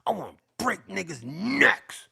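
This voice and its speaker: Fired-up middle-aged man, bright high voice. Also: very animated, unhurried, creaky, breathy edge. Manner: profane, repetitive, fired-up. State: sweating, worked up. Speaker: beatmaker. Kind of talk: heated off-the-cuff rant to camera.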